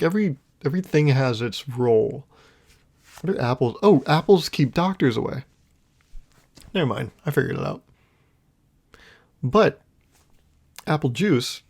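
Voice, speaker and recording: A man's voice: mid-range voice, vocal fry, a little mellow. A young man hosting a solo podcast, rambling through a casual comedic monologue and laughing at his own jokes. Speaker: podcast host.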